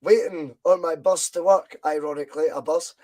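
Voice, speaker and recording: A man hosting a casual fan podcast, loud and animated as he reads out viewer comments. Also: a little high, normal speed, rough recording. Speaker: podcast host.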